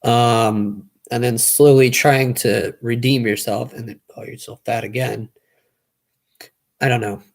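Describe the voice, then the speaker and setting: A young man with a gravelly edge to his voice talks casually on a live stream. He rambles and rushes his words until he runs short of breath. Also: medium pitch, steady tone.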